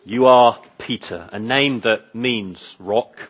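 A man preaching a sermon as pastor, slow and emphatic, building with repeated phrases. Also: mid-range voice, slightly rough, muffled recording.

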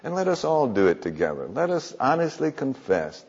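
A man's voice: medium pitch, big pitch swings, normal speed, few pauses, darkish tone, slightly rough. A man preaching an earnest sermon in a church, asking the room rhetorical questions. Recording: muffled echoing church hall.

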